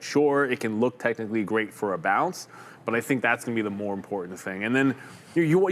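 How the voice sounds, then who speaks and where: A man co-hosting a live stock market show, giving direct trading advice and repeating words as he thinks. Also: mid-range voice. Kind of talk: casual trading commentary. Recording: reverberant room with faint background noise.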